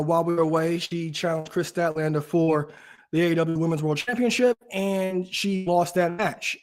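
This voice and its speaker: A man's voice: fairly high pitch, a little mellow. A man hosting a casual talk show, ranting animatedly with frequent restarts. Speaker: podcast host. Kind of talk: casual chat.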